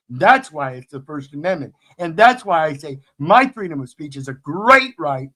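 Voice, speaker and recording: A man's voice: medium pitch, a bit bright. A man giving impassioned commentary as host, fiery, preachy and profane.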